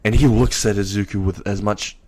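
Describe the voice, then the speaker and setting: A young man narrating an improvised story in a loose, halting way with frequent restarts. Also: lowish voice, fairly even intonation, a little mellow.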